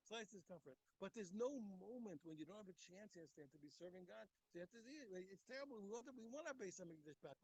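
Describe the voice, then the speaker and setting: A man's voice: sits high, breathy edge, low-quality recording. A man giving an impassioned Torah class, emphatic and repetitive, speaking straight to his listeners. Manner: emphatic, repeats words, talks straight to listeners. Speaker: rabbi teaching a daily Talmud class.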